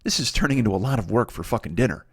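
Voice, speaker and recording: A man's voice: lowish voice, lively intonation, racing, husky, pitched below the performer's own voice. A man putting on a pair of crude, bickering male cavemen in a comedy podcast bit. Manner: crude, squabbling.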